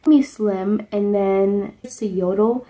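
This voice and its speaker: A woman's voice: mid-range voice, fairly even intonation, takes it slowly, dark tone, low-quality recording. Young woman vlogger, chatty and rambling, recaps a movie at home, full of fillers. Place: indoors at home under a sunset lamp.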